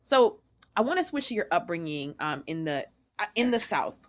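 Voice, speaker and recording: Animated young woman hosting a podcast. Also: on the low side. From Northeastern US. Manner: animated, quick, with frequent fillers. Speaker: podcast host. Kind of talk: conversational interview.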